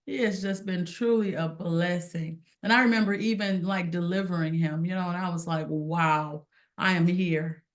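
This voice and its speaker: A woman guest on a podcast, telling her story in an earnest, animated way and acting out what people said. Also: on the low side, brisk, hardly any pauses. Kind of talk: casual personal testimony.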